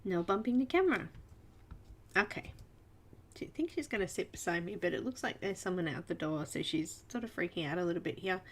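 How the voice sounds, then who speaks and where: A woman's voice: on the low side, lively intonation, a little fast, a bit bright. An Australian woman hosting a casual livestream, chatting away and greeting viewers by name. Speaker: livestream host.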